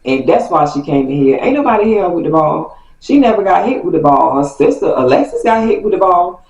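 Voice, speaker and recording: A defensive boy cousin shrugs off the blame in a flat, dismissive way, as a woman puts him on. The voice sits back from the mic in an echoey room. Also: lowish voice, brisk, creaky, pitched above the performer's own voice. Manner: dismissive, matter-of-fact. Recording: roomy, distant from mic.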